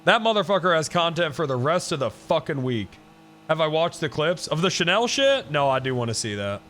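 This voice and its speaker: A man's voice: a little high, very animated, fairly quick, a bit bright, a little hiss or hum. A man chatting casually with his livestream viewers. He swears freely, laughs often and works himself up into mock outrage.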